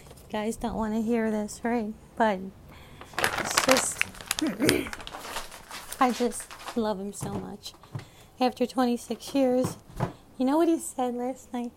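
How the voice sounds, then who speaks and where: A woman's voice: fairly high pitch, slow pace, long pauses, very noisy. A middle-aged woman hosting her own show, chatting in a rambling, affectionate way into a phone. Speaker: podcast host. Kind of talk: casual chat.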